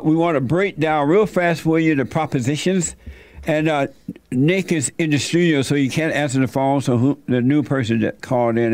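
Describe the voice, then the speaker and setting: A man hosting a casual talk radio show from a studio, brisk and teasing as he directs his guests. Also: medium pitch, a little mellow, no room sound.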